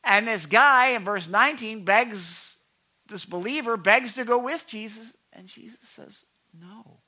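A man's voice: sits high, a little slow. A man preaching a conversational sermon, asking the congregation questions and acting out quoted lines. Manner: acts out quoted lines with lively voices. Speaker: pastor.

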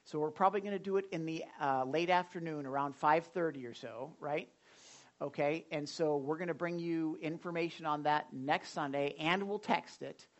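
A man's voice: fairly high pitch, normal speed, dull audio. A man leading a church service as pastor, giving announcements in a chatty, rambling way with many fillers and some self-deprecating jokes. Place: church sanctuary during a service.

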